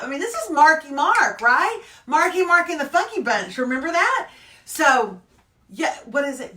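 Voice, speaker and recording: A woman's voice: high voice, very animated, a little slow, sharp tone, roomy sound, far from the mic. A woman co-hosting a casual live morning show, chatting animatedly and reading out viewer comments. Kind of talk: casual live-stream chat.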